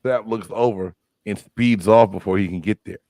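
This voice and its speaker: A man, a former pro football player, talking casually and emphatically on a sports podcast, with street slang and animated outbursts. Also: lowish voice, moderate pace, dry recording.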